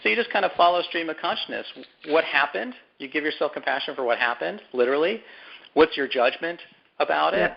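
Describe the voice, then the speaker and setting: A man being interviewed as an author, speaking thoughtfully and haltingly, often repeating words as he gathers his thoughts. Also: on the high side, expressive, gravelly, highs cut off. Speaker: author and guest. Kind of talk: conversational interview.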